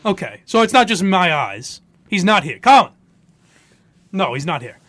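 A man's voice: high-pitched, moderate pace, dry recording. A man hosting a podcast, telling stories in casual chat and mimicking the people in them. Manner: animated storytelling, mock voices for others. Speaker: podcast host.

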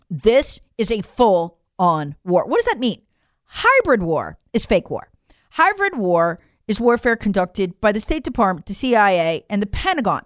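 A woman's voice: medium pitch, dry recording, studio quality. A woman delivering an opinionated political monologue to her audience, emphatic and incredulous, often addressing listeners as folks. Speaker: political commentator.

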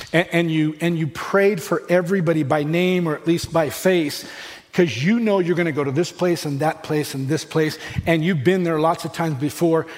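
A man, a pastor preaching a sermon in a conversational way, acting out everyday dialogue as he goes. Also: on the high side. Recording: long hall reverb with faint music.

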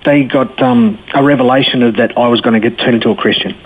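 A man's voice: mid-range voice, steady tone, fast talker, slightly rough. Man telling his story on the phone. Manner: blunt, earthy storytelling with slang. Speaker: interview guest. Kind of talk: personal testimony in casual conversation. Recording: phone line with faint noise.

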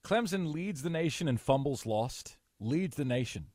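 A man's voice: fairly high pitch, lively intonation, moderate pace, darkish tone. A man hosting sports talk radio, emphatic, blunt and sarcastic.

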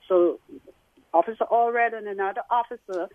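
A woman calling in and recounting her experience in an emotional, halting way. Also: mid-range voice, steady tone, no echo. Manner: tearful, halting. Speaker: caller. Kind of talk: emotional phone-in account. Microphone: telephone. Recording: tinny phone line.

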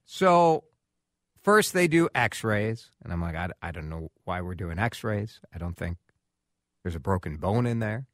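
Man radio host, animated storyteller, bright tone, dry close mic. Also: low voice, measured pace, dry recording. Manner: animated storytelling, acts out quotes. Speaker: radio talk show host. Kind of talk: casual radio chat.

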